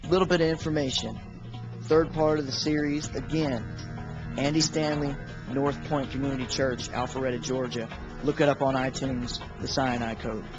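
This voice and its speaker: A man's voice: medium pitch, fairly even intonation, moderate pace. A young man, a youth pastor giving an informal, emphatic devotional talk and acting out quotes. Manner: conversational, emphatic, acts out quotes. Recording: dull lo-fi webcam audio with faint music.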